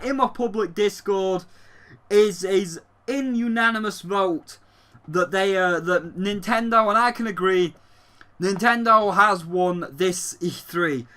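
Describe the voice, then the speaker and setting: Excited, rambling gaming streamer. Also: medium pitch. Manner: animated, rambling, swears freely. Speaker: gaming YouTuber. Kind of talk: excited event recap while live on a call.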